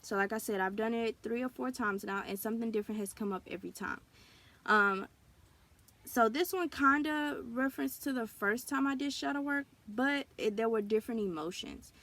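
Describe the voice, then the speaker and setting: A woman's voice: a little high, moderate pace, fairly bright tone. A woman vlogger speaking in an earnest, confessional way, sharing personal experiences in a casual talk to camera. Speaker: spiritual wellness vlogger. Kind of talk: candid personal vlog talk.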